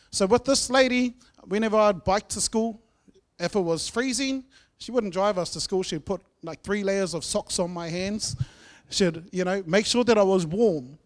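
Earnest New man giving testimony. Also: high-pitched. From New Zealand. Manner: earnest, heartfelt storytelling with loud and soft swings. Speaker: guest speaker sharing testimony. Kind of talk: church testimony.

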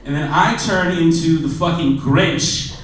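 A man in his twenties doing a stand-up comedy set, self-deprecating, dropping to a low mutter and then bursting into loud shouted bits. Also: a little slow, very echoey, far from the mic, poor audio. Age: 20s. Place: comedy club stage. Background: audience laughter.

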